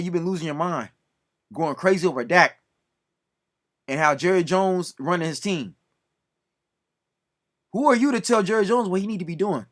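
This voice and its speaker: Casting: high-pitched man, preachy scolding video rant. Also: fairly bright tone. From Southern California. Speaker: video commentator. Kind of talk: ranting commentary to camera.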